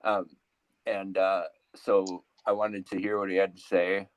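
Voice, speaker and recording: A man in his thirties telling a rambling stand-up story, halting, full of fillers and restarts. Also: low voice, level tone, smooth, no room sound, low-quality recording. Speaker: comedian.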